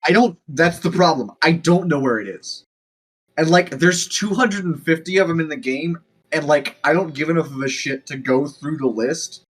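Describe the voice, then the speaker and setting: Sarcastic young dude on a podcast, swears a bunch, slightly high voice. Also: male voice, moderate pace, fairly bright tone, husky, poor audio. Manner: blunt, sarcastic, swears a lot. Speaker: podcast co-host. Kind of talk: casual chat.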